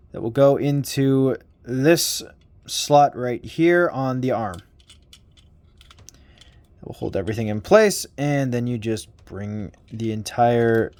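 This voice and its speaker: A man giving a casual toy review, rambling and self-deprecating, with casual swearing. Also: a little high.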